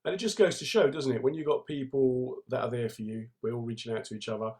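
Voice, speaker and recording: A chatty comedian, talking to his viewers live from home. He cracks jokes and calls out commenters by name as they join. His voice sits at an ordinary pitch for a man. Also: fairly even intonation, fast talker, a little mellow. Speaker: comedian hosting a live stream. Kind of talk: casual live-stream chat to viewers.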